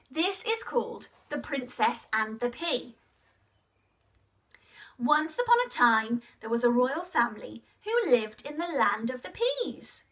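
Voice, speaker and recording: A woman's voice: high voice, a bit bright, distant mic. A woman playing Snow White, reading a storybook to children in a sweet, sing-song way with playful asides to her listeners. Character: gentle young princess reading to children.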